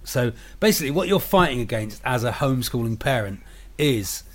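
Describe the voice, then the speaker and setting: A man's voice: mid-range voice, lively intonation, brisk. A man in his forties chatting casually on a call, jokey and self-deprecating. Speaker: homeschooling parent and radio presenter. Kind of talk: casual video call chat.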